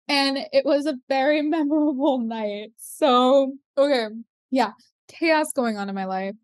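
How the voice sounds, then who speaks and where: A young adult woman hosting a podcast, telling a story in casual chat and acting out the quoted voices with big leaps in pitch. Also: takes it slowly, no room sound, clean studio sound. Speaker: podcast host.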